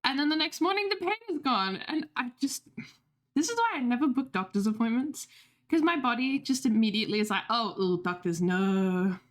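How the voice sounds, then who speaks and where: Young female streamer, higher voice, loose chatty delivery, swears a lot. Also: expressive, brisk. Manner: chatty, swearing, laughing asides. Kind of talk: casual livestream chat.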